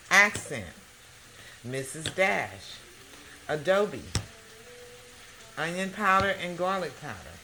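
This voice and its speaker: A woman hosting a casual home cooking demonstration, talking the viewer through each step and checking in with a quick "okay?" again and again. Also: low voice, noisy background. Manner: chatty, keeps checking in with the viewer by asking "okay?". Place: home kitchen. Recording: echoey kitchen with background music.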